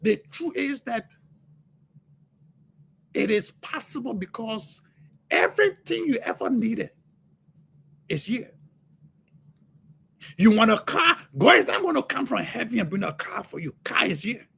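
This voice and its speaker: Fervent gravelly man preaching. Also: high voice, very animated, a little slow, pauses often. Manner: fervent, repeats words, sudden shouts. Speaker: motivational speaker. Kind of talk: impassioned livestream preaching.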